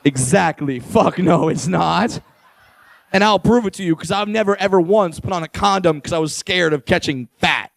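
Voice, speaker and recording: A man's voice: high-pitched, brisk, hardly any pauses, fairly bright tone. A man from California performing a stand-up routine on a comedy stage, brash, profane and punchy, hammering his points home.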